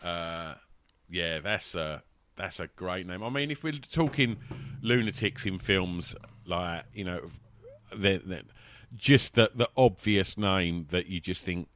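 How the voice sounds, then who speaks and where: A man, co-hosting a casual chat and talking in an animated, laughing way with many restarts. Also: deep voice, slow pace. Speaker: podcast co-host.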